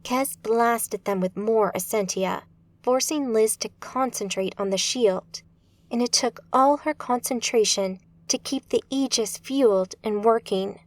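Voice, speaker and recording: Woman narrator for a fantasy audiobook, measured and unhurried, a touch high. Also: dry recording.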